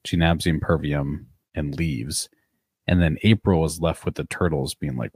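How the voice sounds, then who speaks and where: A man's voice: rumbling low, moderate pace, breathy edge, no room sound, studio quality. A man co-hosting a podcast, recapping a cartoon episode in casual chat, swearing freely as he tells it. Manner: swears casually, animated storytelling. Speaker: podcast co-host.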